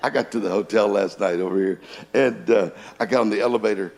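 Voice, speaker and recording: A man's voice: lowish voice, fast talker, darkish tone. A man giving a humorous motivational seminar talk in a church auditorium, telling anecdotes and jokes. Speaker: motivational speaker. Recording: long hall reverb from a large room.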